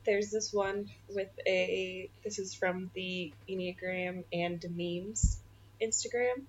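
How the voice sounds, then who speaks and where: A woman's voice: on the low side, steady tone, slow. A young woman co-hosting a podcast, laughing often as she reads memes aloud in casual chat. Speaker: podcast co-host. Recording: slightly dull, faint noise.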